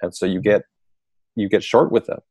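A man's voice: lowish voice, steady tone, normal speed, darkish tone, breathy edge, dry recording. A man, an author and interview guest, explaining his ideas thoughtfully with frequent fillers. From United States. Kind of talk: casual interview.

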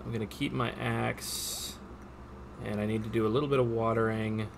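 A man's voice: on the low side, steady tone, normal speed, creaky, background noise. A man casually commentating his own game stream, chatty and upbeat, talking to his viewers as he plays. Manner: chatty, upbeat, talks to himself and chat.

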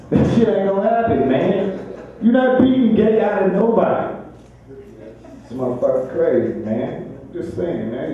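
A man doing a profane stand-up comedy set in a small club, laughing at his own jokes. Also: fairly high pitch. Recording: echoey room, mic heard from far, dull lo-fi sound.

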